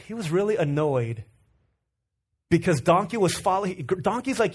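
A man's voice: high voice, a little slow, long pauses, husky. A man preaching a sermon as pastor, telling a story and asking his listeners questions. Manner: storytelling, animated, asks the audience.

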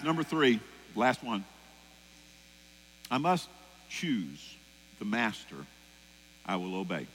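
A man preaching a sermon, animated, acting out voices and singing lines. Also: mid-range voice, moderate pace, pauses often. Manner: animated, acts out voices and sings song lines. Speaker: pastor. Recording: long hall reverb with mains hum.

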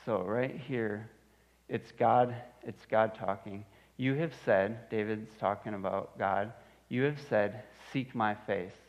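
Man, pastor, sermon, earnest, repeats phrases, lowish voice, muffled lo-fi sound.

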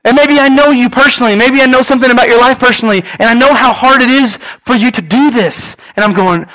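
High-voiced earnest male pastor. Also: fast, few pauses, bright, forceful tone. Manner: earnest, repeats phrases, quotes prayers aloud. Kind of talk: sermon.

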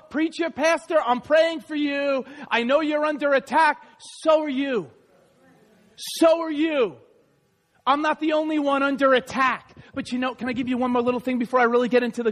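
A male pastor preaching a sermon in a church, emphatic and often shouting, speaking straight to the congregation. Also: extremely high pitch, long reverb tail.

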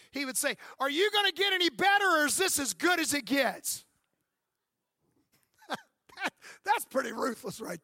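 A man's voice: very high-pitched, pushed and bright, no room sound, clean studio sound. A man in his fifties, a pastor preaching an emphatic sermon and calling out for amens. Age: 50s. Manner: emphatic preaching with calls for amen.

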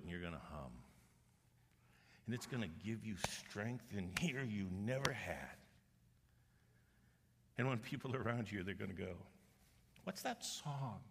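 A middle-aged man preaching a sermon, animated and humorous, rising to forceful exhortation. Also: low-pitched, a little hiss or hum. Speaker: pastor. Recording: long reverb of a large hall.

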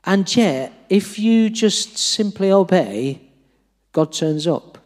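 Preaching slowly in an expressive, high-pitched voice with a darkish tone, this middle-aged man tells a story with lively energy. He plays out the dialogue and pokes fun at himself throughout the sermon. A large hall's long reverb surrounds the recording.

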